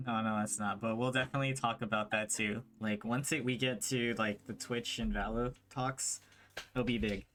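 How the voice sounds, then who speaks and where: A man's voice: lowish voice, fairly even intonation, moderate pace, fairly bright tone, faint music behind. A man hosting a podcast, asking questions and giving short acknowledgments in a casual interview. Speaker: podcast host.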